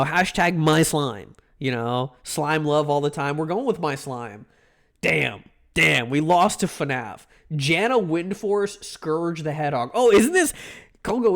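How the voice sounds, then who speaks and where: A man live streaming, chatting casually and playfully with crude jokes and sudden jumps in pitch. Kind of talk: casual chat.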